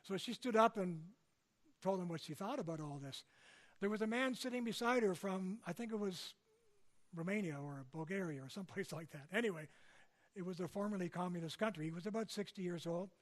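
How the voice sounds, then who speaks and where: Delivering a public lecture with a chatty feel, an older man from Canada often tosses in tag questions to engage his audience. His voice sits high and his pace is fairly quick.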